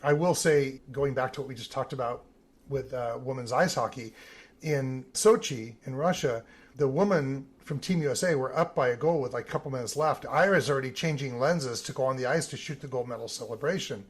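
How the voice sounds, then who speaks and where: Husky man telling anecdotes. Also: medium pitch, fairly quick. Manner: animated anecdotal telling with some vivid emphasis. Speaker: Olympic team photographer. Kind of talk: interview storytelling.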